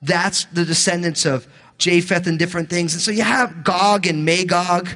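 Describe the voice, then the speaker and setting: High-voiced male pastor teaching in a hall. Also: steady tone, moderate pace, bright, forceful tone. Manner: informal, jokey asides between scripture readings. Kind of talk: conversational Bible teaching.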